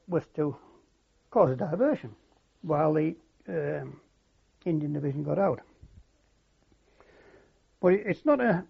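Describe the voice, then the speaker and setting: An older man recalling his wartime service in an oral history interview, halting and reflective, with many fillers and restarts. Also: fairly high pitch, gravelly, breathy edge. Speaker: war veteran interviewee. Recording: dull lo-fi recording.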